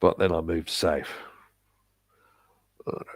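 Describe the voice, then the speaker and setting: A man with a Bristol English accent, hosting a live stream and reading out viewer comments in a hesitant, halting way with frequent restarts. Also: low-pitched, flat delivery, no room sound. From England.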